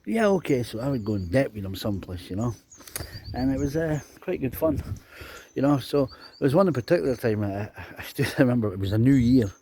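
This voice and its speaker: A man's voice: medium pitch, expressive, brisk, dark tone, a little hiss or hum. A Scottish man from Dundee in his fifties, telling chatty, rambling stories about his drumming days and often adding "you know". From Scotland. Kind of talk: casual storytelling monologue.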